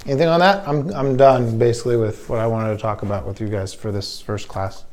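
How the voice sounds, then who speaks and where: A man at a mid pitch speaks casually to a classroom of students. He is winding down a lesson and loosely invites questions, with the easy, unhurried manner of a friendly teacher. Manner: relaxed, informal, inviting questions. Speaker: language teacher.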